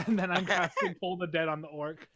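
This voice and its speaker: A man's voice: sits high, brisk, no echo, clean studio sound. A man playing a tabletop game, laughing and cursing as he casts spells. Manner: laughing, swearing, animated. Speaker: player.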